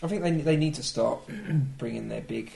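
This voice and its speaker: A man's voice: medium pitch, moderate pace, vocal fry, dark tone. A man in casual podcast chat, making confident predictions.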